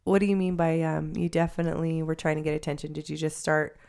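A woman's voice: low voice, flat delivery, fast, creaky, darkish tone, smooth. A woman interviewing a guest, attentive with short encouraging replies. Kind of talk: casual interview.

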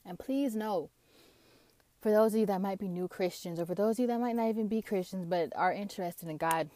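A woman's voice: mid-range voice, brisk, warm tone, no room sound. A woman talking earnestly about prayer and hearing God, rambling with restarts and fillers. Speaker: Christian vlogger. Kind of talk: casual faith talk to camera.

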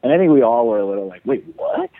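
A man's voice: mid-range voice, lively intonation, rapid-fire, no echo. A man from Chicago, an actor being interviewed, talking casually and rambling with lots of fillers and restarts. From Chicago, USA. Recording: dry, tinny phone-like audio.

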